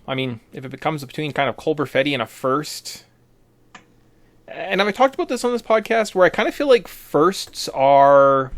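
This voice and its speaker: A man's voice: on the high side, no room sound. A man co-hosting a casual sports podcast, rambling through his points with frequent restarts. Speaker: podcast co-host.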